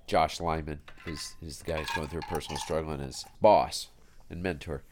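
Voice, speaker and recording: A man's voice: extremely low pitch, fairly even intonation, a little fast, slight background noise. A man hosting a podcast, talking in a rambling, folksy way with frequent restarts. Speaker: podcast host. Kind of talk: casual conversation.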